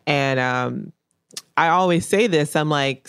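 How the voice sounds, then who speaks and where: A woman's voice: low-pitched, slow, clear, resonant tone, no echo. Straight-talking woman artist, hammers the same point over and over, dry close mic. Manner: blunt and emphatic, repeats key phrases. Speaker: painter being interviewed. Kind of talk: candid casual interview talk.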